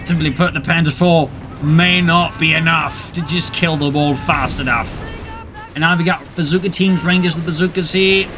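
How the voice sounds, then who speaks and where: Excitable man casting a battle game. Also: fairly high pitch, music in the background. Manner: brisk, excitable, wry. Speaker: game caster. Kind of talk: play-by-play commentary. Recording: commentary over loud game battle sound. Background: gunfire and artillery.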